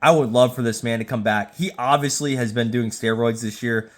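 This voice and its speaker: A man who has been drinking hosts a casual rating video from home, rambling and stammering with sudden excited bursts. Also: mid-range voice, fairly quick. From Jacksonville, Florida. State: tipsy from drinking. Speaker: YouTube host. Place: at home with a phone. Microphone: phone.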